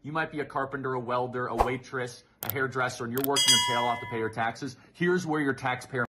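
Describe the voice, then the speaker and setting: A man delivering political commentary, reading out a list in a steady, punchy way. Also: mid-range voice, brisk, heavy background noise.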